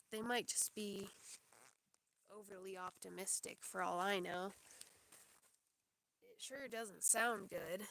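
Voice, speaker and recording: A woman's voice: mid-range voice, creaky, fairly bright tone, a little hiss or hum. A young woman hosting a livestream, chatting casually in a rambling way, full of fillers and small laughs. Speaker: livestream host. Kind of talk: casual chat.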